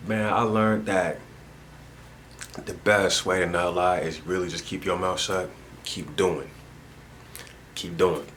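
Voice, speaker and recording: A man's voice: low voice, steady tone, slow, pauses often, fairly bright tone, a little hiss or hum. A man talking in a rambling monologue at home, repeating himself and using heavy street slang. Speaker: vlogger. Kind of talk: casual spoken monologue. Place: at home indoors.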